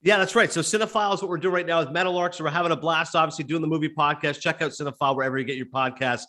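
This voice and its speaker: A man, a sportscaster guest on a podcast, telling a lively anecdote and acting out the dialogue. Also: fairly high pitch, racing. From Canada. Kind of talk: animated storytelling in a podcast interview.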